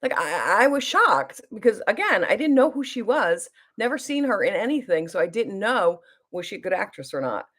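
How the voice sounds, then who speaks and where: A woman's voice: mid-range voice, very animated, normal speed, few pauses, fairly bright tone. A middle-aged woman chatting casually as she does her makeup and reads viewer comments aloud. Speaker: beauty vlogger. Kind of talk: casual get-ready-with-me chat.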